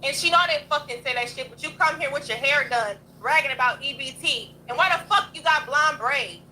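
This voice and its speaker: A woman's voice: sits high, fairly quick, pushed and bright, a little hiss or hum, low-quality recording. A young adult woman hosting a livestream, ranting in a blunt, profane, combative way. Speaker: livestream host. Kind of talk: heated livestream rant.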